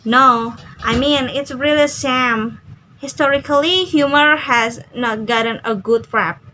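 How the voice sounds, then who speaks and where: Young woman reading a transcript slow and careful, high bright voice, trips on a word here and there. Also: a little hiss or hum, rough recording. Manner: careful reading with small slips and restarts. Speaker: student. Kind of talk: reading an interview transcript aloud.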